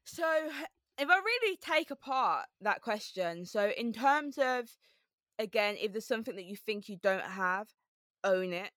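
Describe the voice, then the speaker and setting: A woman from Birmingham with a softened Brummie accent and a slight lisp, a guest speaking in an upbeat, emphatic way and repeating her key points. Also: mid-range voice, animated, unhurried, dry recording, studio quality. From Birmingham, England. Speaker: podcast guest. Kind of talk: casual interview chat.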